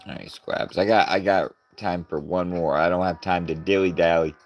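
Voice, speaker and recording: Deep-voiced goofy male streamer. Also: steady tone, moderate pace, dull audio, soft background music. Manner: goofy, rambling, laughs often, tries out character voices. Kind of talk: casual live-stream chat.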